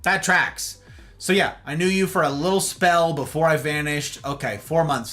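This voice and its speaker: A man chatting casually with viewers on a live stream, playful and jokey, his pitch swooping up and down. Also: moderate pace, fairly bright tone, faint music behind.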